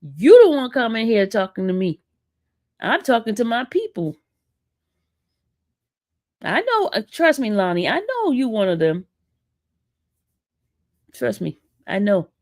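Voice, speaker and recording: A woman's voice: fairly high pitch, huge pitch swings, measured pace, pauses often, a little mellow, dry recording, studio quality. A woman with an East Coast American accent hosting a casual livestream, teasing and sassing her chat. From northern US. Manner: sassy, teasing, talks back to chat. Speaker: livestream host.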